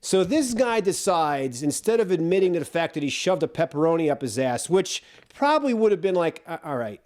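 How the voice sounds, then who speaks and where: A man's voice: high voice, big pitch swings, fairly quick, a little mellow. A man co-hosting a podcast, chatting casually and laughing as he riffs on jokes. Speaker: podcast co-host. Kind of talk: casual chat.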